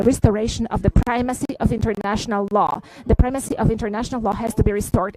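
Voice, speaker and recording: A woman giving a live interpretation of a formal press briefing, halting often with filler sounds and restarts. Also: a little high, mellow, poor audio.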